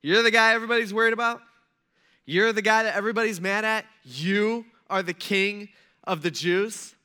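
A man's voice: high voice, steady tone, fast, sharp tone, smooth, voice pushed up. A man voicing a scornful, impatient Roman governor, mocking and dismissive.

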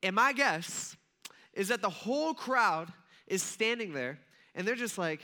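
A man's voice: sits high, expressive, a little slow, sharp tone. A man preaching a casual storytelling sermon, chatty, who acts out the characters as he retells the story.

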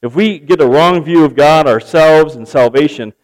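Man, pastor, high voice, animated storytelling sermon. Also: moderate pace, poor audio. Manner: animated storyteller, acts out characters. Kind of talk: sermon with a told joke.

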